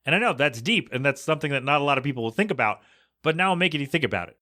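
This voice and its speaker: A male podcast host talks in a loose, rambling monologue, his voice sitting a little high. His tone is bright and forward, and he jumps into quick acted-out lines of dialogue as he tells his story. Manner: animated storytelling, acts out quoted voices.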